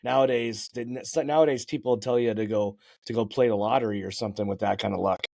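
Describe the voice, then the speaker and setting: A male podcast host with a medium-pitched voice. He chats casually and asks relaxed follow-up questions, often laughing along. The recording sounds dry, with no room echo. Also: fast, gravelly. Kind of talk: casual interview chat.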